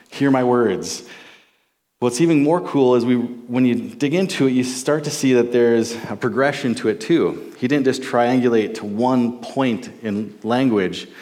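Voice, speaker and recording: A man's voice: mid-range voice, darkish tone. A man in his forties from Minnesota, teaching on a psalm in a casual, enthusiastic sermon style with frequent restarts. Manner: enthusiastic, conversational, with many restarts. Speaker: Bible teacher.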